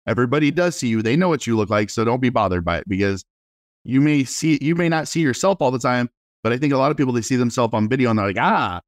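A man, a realtor guest, telling animated and self-deprecating stories in a casual interview. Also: medium pitch, quick pace, no echo, clean studio sound.

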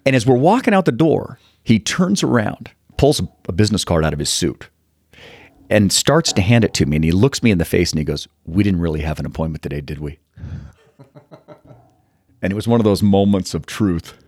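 A man in his fifties from Utah, telling animated stories as a guest in an interview and acting out the people in them. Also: fairly low pitch, moderate pace, long pauses, dry recording. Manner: animated, acts out quotes in the story. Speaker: guest, fund manager. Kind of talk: storytelling interview.

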